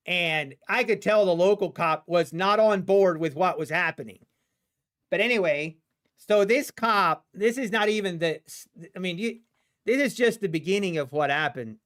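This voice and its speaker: A man hosting a live trading stream, telling a rambling personal anecdote in a casual, animated way with frequent restarts. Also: sits high. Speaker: livestream day-trading host.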